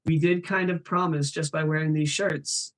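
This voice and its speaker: A man's voice: fairly high pitch, steady tone, normal speed, a bit bright. Chatty upbeat male stream host. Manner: upbeat, chatty, reads out chat names. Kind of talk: casual live-stream chat.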